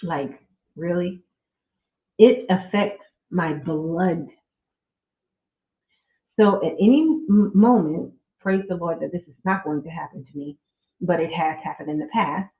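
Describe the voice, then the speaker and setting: Slow-talking woman on a phone-like echoey line. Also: on the low side. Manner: slow, heartfelt, with religious exclamations. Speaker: podcast host. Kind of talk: casual faith-based personal talk. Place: at home. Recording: echoey room, phone-like audio.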